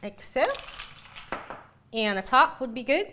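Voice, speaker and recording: A woman's voice: sits high, expressive, slow pace, highs cut off, background noise. Giggly woman hosting a cooking show. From Northern California. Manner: chatty and giggly, laughs often. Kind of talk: casual live cooking demo.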